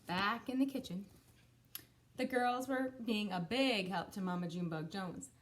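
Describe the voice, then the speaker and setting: A woman teacher reading a picture book aloud to children, expressive, pausing to explain words. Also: mid-range voice, a little hiss or hum.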